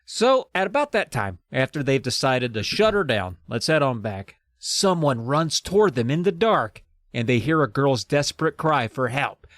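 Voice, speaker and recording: A man's voice: medium pitch, sing-song, normal speed, a bit bright, dry recording, studio quality. A man hosting a podcast, recapping a book chapter in a joking, rambling way with asides. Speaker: podcast host. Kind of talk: casual comedic book recap.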